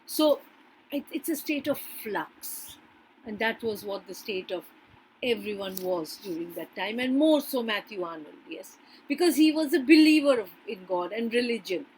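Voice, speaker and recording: A woman's voice: on the high side, expressive, normal speed, darkish tone, a little hiss or hum, low-quality recording. A woman literature teacher lecturing a class on a poem, often stopping to check in with "yes" and "right", with some hesitant restarts.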